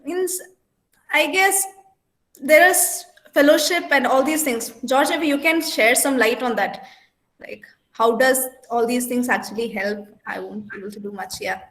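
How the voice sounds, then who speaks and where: A woman's voice: high voice, unhurried, fairly bright tone. A woman student sharing casually on a video call panel, hesitant and trailing off at times. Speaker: student participant. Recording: echoey room.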